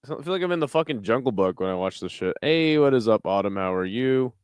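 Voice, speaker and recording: A relaxed, foul-mouthed man hosts a late-night fight watch-along and trades jokes with his chat. His voice comes through smooth and clear, recorded dry on a close desk mic with no room sound. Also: mid-range voice, fast talker, dry recording. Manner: laid-back, profane, jokey asides to chat. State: tired, burping. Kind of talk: casual live commentary.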